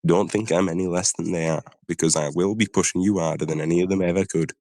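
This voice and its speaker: A man's voice: deep voice, steady tone, fast talker, warm tone, dry recording. Man putting on a jovial Lancashire steam-engine major. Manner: joking, friendly officer's address. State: short of breath.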